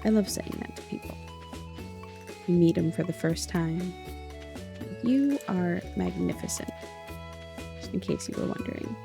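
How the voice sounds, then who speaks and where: A woman giving soft, playful, unhurried commentary while playing a relaxing game. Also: lowish voice, steady tone. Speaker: gaming channel host. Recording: game music underneath.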